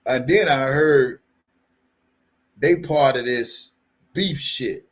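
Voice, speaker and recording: A man's voice: medium pitch, drawn-out words. A man hosting a live stream, ranting casually in a profane, mocking way and laughing often. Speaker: livestream host. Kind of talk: casual livestream rant.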